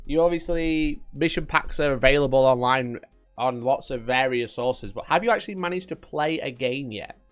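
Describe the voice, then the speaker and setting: A man's voice: medium pitch, moderate pace, fairly bright tone, faint music behind. A man hosting a wargaming livestream, chatting casually and bantering with viewers, sometimes swearing. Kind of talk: casual live-stream chat.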